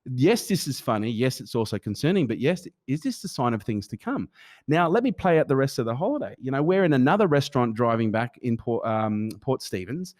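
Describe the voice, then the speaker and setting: Animated swearing man host. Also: mid-range voice, a little fast. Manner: animated storyteller, swears, acts out quoted people. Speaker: podcast host. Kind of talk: casual interview chat.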